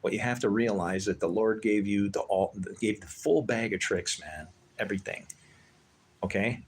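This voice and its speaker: A man's voice: fairly low pitch, normal speed, slight background noise. A man livestreaming, ranting in a heated, preachy way with lots of profanity. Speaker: livestream host. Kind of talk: livestream rant.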